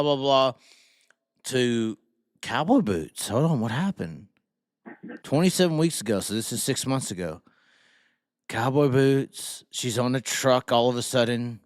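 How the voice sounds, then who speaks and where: A man's voice: medium pitch, a bit bright, clean tone, dry recording, clean studio sound. A man hosting a casual live stream, rambling and incredulous, talking to viewers with many restarts. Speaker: livestream host.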